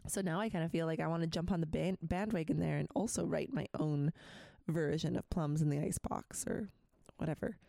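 Low, gravelly woman radio host. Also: fairly quick, dark tone, no room sound. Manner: rambling and chatty, full of asides. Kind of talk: casual radio chat with a poetry reading. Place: radio studio.

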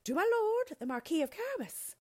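A woman voicing a group of frightened peasants in a storybook, chanting loudly and high in unison. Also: big pitch swings, fairly quick, no echo, studio quality. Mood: obedient. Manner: loud, high, obedient chanting.

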